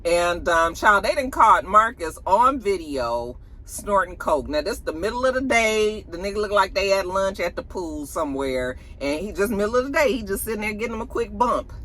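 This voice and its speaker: A woman's voice: mid-range voice, animated, moderate pace, few pauses, bright, forceful tone. A woman, chatting casually about celebrity gossip to her viewers in a sassy, slangy way.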